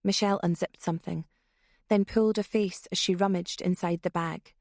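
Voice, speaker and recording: A woman narrates a thriller audiobook in a steady, even reading voice. Her tone carries a gravelly rasp, and the recording is close and dry with no room sound. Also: on the low side, moderate pace, dry recording. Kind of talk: scripted narration.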